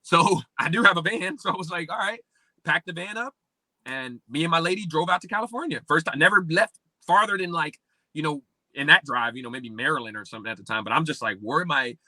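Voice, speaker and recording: A man from Pennsylvania talks as a podcast guest, racing through his story in a bright, forceful, fairly high voice. He is animated and acts out the voices of the people in his story. The sound is close and dry. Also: fast, no echo. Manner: animated, acts out quoted speech, many fillers like "like". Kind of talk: casual storytelling interview.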